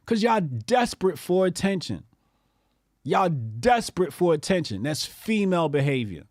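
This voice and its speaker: This political commentary host is a man whose somewhat high voice swings sharply in pitch, from quiet muttering to jeering outbursts, at a normal speed. Profane and scornful, he mimics his opponents mockingly, and the close recording is dry.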